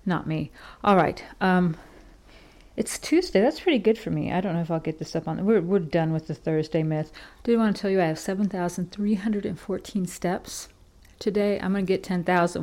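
A woman rambles through a casual home podcast, chatty and self-deprecating. Her voice sits a little low, and she drifts from one aside to the next, talking from her kitchen. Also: darkish tone. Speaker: podcast host.

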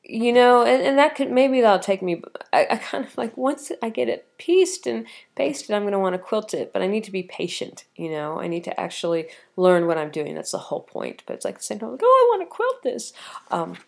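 A woman's voice: mid-range voice, brisk, gravelly, darkish tone. A middle-aged woman chatting casually in a rambling way, with plenty of ums and restarts, sounding tired and slightly coughy. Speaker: vlogger. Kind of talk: casual chat.

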